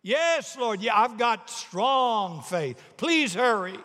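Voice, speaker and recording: A man's voice: sits high, very animated, slow, bright, forceful tone, big-room sound, pitched above the performer's own voice, heavily acted. A man voicing a panicked male tourist who hangs from a cliff and screams for help. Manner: frantic, screaming pleas.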